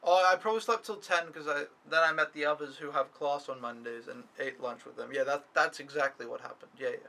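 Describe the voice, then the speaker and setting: A man's voice: on the high side, a little fast, gravelly, sharp tone, rough recording. A young man talking to camera in a rambling, complaining vlog recap, swearing often. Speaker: au pair vlogger. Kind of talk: casual weekly recap vlog.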